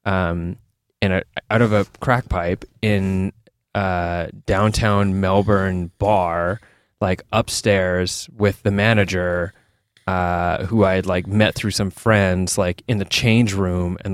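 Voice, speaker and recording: A man with a fairly low voice talks in a loose, rambling way, full of fillers and restarts, while he recounts personal stories as a podcast guest. The sound is dry and close. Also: flat delivery, measured pace, clear, resonant tone, no echo. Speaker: guest, author. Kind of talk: candid conversational storytelling.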